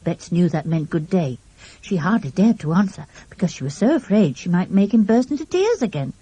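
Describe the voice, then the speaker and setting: Storybook narrator, woman, animated reading, mellow husky tone. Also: lowish voice, a little fast, dull audio. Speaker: audiobook narrator.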